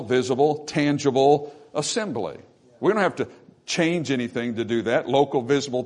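A man preaching a sermon from the pulpit, emphatic and repetitive, calling out "amen" to the congregation. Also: fairly high pitch. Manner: repeats phrases for emphasis. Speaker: pastor.

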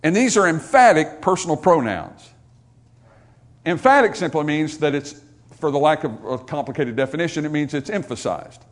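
A middle-aged man preaching a sermon to his congregation, folksy and joking, swinging between soft asides and loud emphatic points. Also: a little high, lively intonation, normal speed. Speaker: pastor.

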